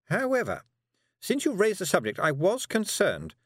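A man voicing a brisk, nervous adult female witch with a prim, clipped manner in an audiobook. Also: high-pitched, wildly swooping pitch, no room sound, studio quality, voice pushed up, exaggerated voice. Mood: fretful explaining. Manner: prim, clipped, insisting she is never worried. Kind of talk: audiobook character voice.

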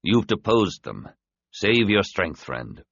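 A man playing a calm Jedi master. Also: on the low side, takes it slowly, dry recording, lo-fi sound, heavily acted. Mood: calm, firm.

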